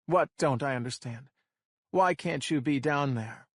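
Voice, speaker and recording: A man voicing a calm, controlling male kidnapper who talks down to his captive over a speaker. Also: mid-range voice, unhurried, no echo, studio quality. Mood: probing. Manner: cold, patronizing, squawking.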